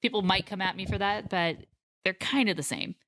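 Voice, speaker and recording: An American woman co-hosting a casual podcast chat, animated and quick to laugh. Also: mid-range voice, no room sound. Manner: animated and laughing, quotes characters. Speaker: podcast co-host.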